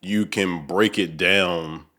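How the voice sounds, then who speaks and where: Man, podcast host, very low voice, rambling, filler-heavy, small echoing room. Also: fairly even intonation, takes it slowly, pushed and bright. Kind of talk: casual conversation.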